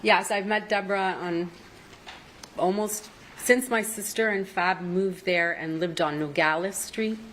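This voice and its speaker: A woman's voice: mid-range voice, steady tone, unhurried, fairly bright tone, slight background noise, low-quality recording. A woman testifying as a witness in a courtroom, recounting events at length and quoting what others said, emotional and apologizing through tears. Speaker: trial witness.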